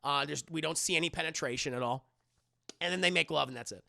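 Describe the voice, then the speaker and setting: A man's voice: fairly high pitch, quick pace, creaky, pushed and bright. A young man recapping a movie in a casual, rambling way, with many fillers and restarts. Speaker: movie reviewer streaming live. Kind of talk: casual recap with acted quotes.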